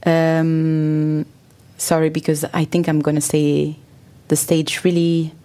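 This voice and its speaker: A woman musician talking casually in an interview in English, a second language for her, often pausing to search for words. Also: sits low, monotone, dark tone. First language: not English. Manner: searching for words, frequent fillers. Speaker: musician guest.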